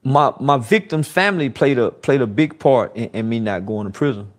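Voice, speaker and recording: A man telling his life story in conversation, earnest and halting, with frequent restarts. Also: medium pitch, expressive.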